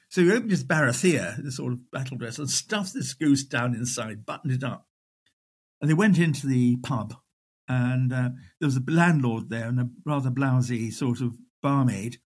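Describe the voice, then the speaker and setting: An older man, a historian, telling wartime anecdotes in an animated way. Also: medium pitch, normal speed, breathy edge. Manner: animated raconteur, acts out voices. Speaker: historian guest. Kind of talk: storytelling interview.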